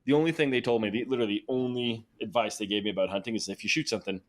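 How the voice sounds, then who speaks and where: Excited man telling a story. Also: lowish voice, rapid-fire. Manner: excited, animated retelling with laughs and restarts. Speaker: podcast guest. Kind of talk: casual storytelling.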